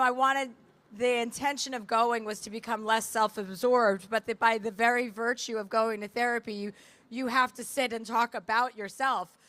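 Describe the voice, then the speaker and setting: A woman author speaking candidly onstage at a book festival, talking fast with many fillers and restarts. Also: a little high, fairly bright tone, no echo. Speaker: author and guest. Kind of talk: onstage conversation. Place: festival stage.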